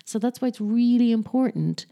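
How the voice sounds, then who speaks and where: In a casual, chatty talk on parenting, a woman with a slightly high, dark-toned voice speaks at a normal pace. She often corrects herself mid-sentence and drops into mock sing-song voices when quoting people.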